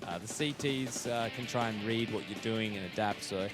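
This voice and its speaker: A man's voice: on the low side, normal speed, loud music behind the voice. A man breaking down an esports match as co-commentator, easygoing and conversational. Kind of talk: casual analysis commentary.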